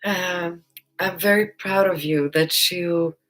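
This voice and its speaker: Slow, low-voiced woman coaching gently. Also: fairly even intonation, rough recording. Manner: gentle and encouraging, laughs often; speaks with many pauses and fillers. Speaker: personal development coach. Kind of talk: live online talk to viewers.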